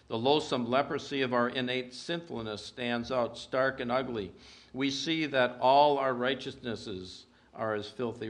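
Reading scripture aloud during an earnest sermon, a preacher lets his mid-range voice swell with emphasis and then sink to a hush.

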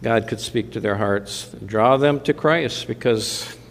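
A man preaching a sermon in a conversational way, dropping mildly sardonic asides as he goes. His voice sits at an ordinary middle pitch and carries a long reverb from the hall around him. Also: slow pace. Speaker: pastor.

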